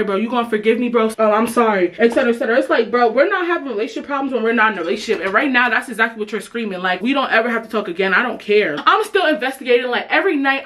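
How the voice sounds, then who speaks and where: A woman's voice: a little high, a bit bright. A young woman telling a casual storytime, blunt and profane, acting out the dialogue she retells. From United States. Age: young adult. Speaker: vlogger. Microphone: camera mic.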